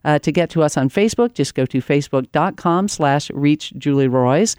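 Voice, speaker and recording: A woman's voice: low-pitched, moderate pace, a little mellow, clear, resonant tone, dry recording, studio quality. A woman hosting a talk show and interviewing a guest, with an earnest, emphatic delivery. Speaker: radio show host.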